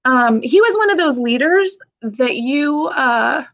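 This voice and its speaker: A woman's voice: high-pitched, expressive, takes it slowly, fairly bright tone, highs cut off. A woman in her thirties from the Pacific Northwest, an army veteran guest speaking frankly and emotionally in a podcast interview, swearing casually and laughing often. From Pacific Northwest, USA. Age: 30s.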